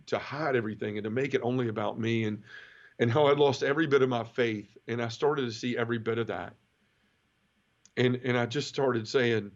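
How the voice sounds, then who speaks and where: This man speaks at a medium pitch, and the recording has its highs cut off. He's being interviewed about his personal conversion, telling it earnestly and vividly while often starting over and repeating himself.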